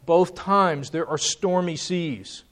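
A man's voice: sits high, slow pace, a bit bright. A man preaching a sermon, emphatic and repeating key words for stress.

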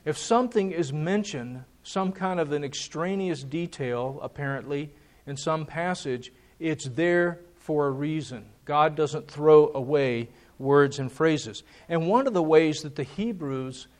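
A man's voice: fairly high pitch, unhurried, a little mellow. A man preaching a sermon, emphatic and repeating key words for stress.

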